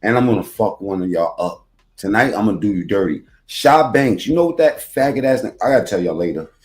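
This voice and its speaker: A man with a fairly low voice talks over a clip in loose, profane street slang. He rambles from aside to aside in an unscripted reaction-video commentary. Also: animated, fast, darkish tone.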